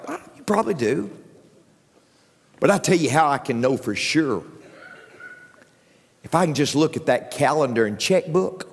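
Animated preacher in a big hall. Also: male voice, normal speed, gravelly, long pauses, slightly rough. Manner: animated preaching with jokes, voice leaping up in pitch. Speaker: pastor. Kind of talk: sermon. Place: church sanctuary. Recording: long reverb of a large hall.

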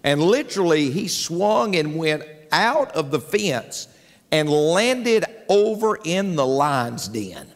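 Male pastor, slightly high voice, folksy sermon delivery with call-and-response; church hall reverb. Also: very animated, slow. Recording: long hall reverb with faint music.

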